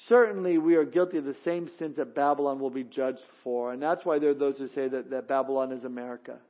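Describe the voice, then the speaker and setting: High-voiced man preaching emphatically. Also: dull audio. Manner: emphatic, reads scripture aloud with rising exclamations. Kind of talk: sermon.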